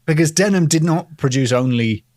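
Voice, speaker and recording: A man with a Northern English accent leads a comedy podcast segment with dry wit. His mid-pitched voice moves lively up and down. The recording is close and dry. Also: normal speed, no room sound. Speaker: podcast co-host presenting the topic. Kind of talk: comedic casual chat.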